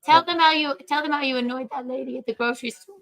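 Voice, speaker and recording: A woman's voice: high-pitched, fast, vocal fry, a bit bright, low-quality recording. A woman hosting a casual livestream while she cooks, chatty and brash, gossiping and swearing freely. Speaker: livestream host.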